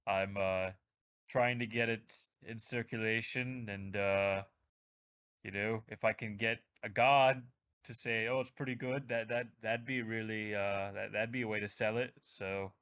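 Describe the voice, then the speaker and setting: A man's voice: on the low side, fairly even intonation, measured pace, a bit bright, smooth. A man playing a tabletop game in character, hesitant with stammering restarts. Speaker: player. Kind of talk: tabletop role-play in character.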